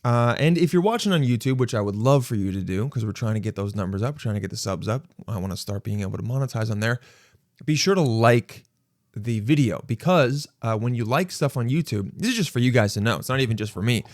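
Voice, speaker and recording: A man from Los Angeles hosts his own podcast and tells a story in a relaxed monologue. He acts out what other people said, jumping sharply higher for those lines. The recording is dry and close. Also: fast, no echo. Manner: animated, acts out quotes with sudden high jumps. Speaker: podcast host.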